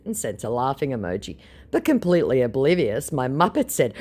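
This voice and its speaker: A woman's voice: rumbling low, huge pitch swings, normal speed, warm tone, slightly rough. An Australian woman narrating chats with scammers in a sarcastic, mocking way. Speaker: scambaiter host. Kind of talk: storytelling commentary, reading out chats.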